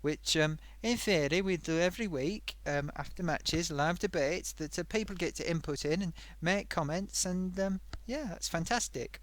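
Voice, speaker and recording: A man's voice: fairly high pitch, moderate pace, few pauses, fairly bright tone, no room sound, close to an everyday voice. Man voicing a chatty sock puppet host. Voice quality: rambling, hums to himself while reading. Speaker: live stream host. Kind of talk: live stream chat reading viewer comments.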